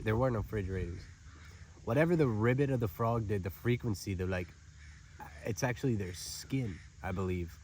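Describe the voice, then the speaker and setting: A man's voice: lowish voice, a little hiss or hum. A man giving a casual spiritual oracle card reading outdoors in a park, talking in a loose, rambling, chatty way.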